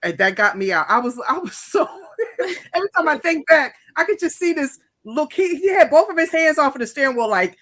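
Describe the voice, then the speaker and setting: A woman co-host tells a story in an animated way and laughs often. Her voice sits a little higher than most. She talks in a casual chat style. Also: brisk.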